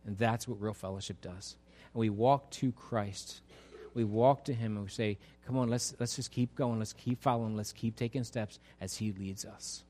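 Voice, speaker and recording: A man preaching a sermon as pastor, swinging from loud exhortation to soft pleading, speaking to a church congregation. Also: mid-range voice. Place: church sanctuary.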